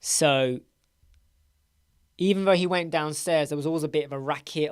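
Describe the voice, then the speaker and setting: A middle-aged man from England hosts a relaxed live Q&A, sleepy and yawning and rambling in a friendly way. His voice sits a touch high for a man. The sound is close and dry, with no room around it. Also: moderate pace, clear, resonant tone, no room sound. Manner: chatty, greets viewers by name, repeats words. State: tired, yawning. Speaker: livestream host. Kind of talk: casual live Q&A chat.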